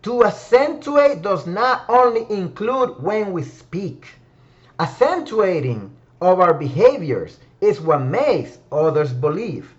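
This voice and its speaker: Lively high-voiced motivational man. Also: takes it slowly. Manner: preachy, emphatic, repeats key phrases. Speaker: motivational speaker. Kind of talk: motivational talk. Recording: dull lo-fi sound.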